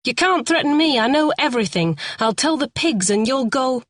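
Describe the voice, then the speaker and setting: Frantic cornered young male crook, voiced by a woman narrator: shrill, swearing, dry close mic. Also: normal speed, dry recording, natural voice. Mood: frantic bravado. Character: panicky young male kidnapper, cornered and volatile. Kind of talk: audiobook character voice.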